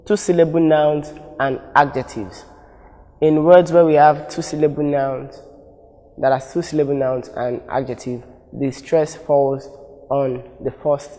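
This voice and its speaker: Slow Nigerian man teaching in an echoing hall. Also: on the high side, warm tone. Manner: deliberate, repeats example words in pronunciation drills, corrects himself. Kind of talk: recorded exam-prep lesson.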